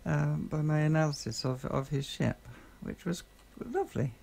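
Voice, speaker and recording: A man streaming a space survival game, talking casually in a halting, rambling way full of fillers and restarts. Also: on the high side, vocal fry, a little mellow. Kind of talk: casual gameplay chat. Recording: noisy game sound behind the voice.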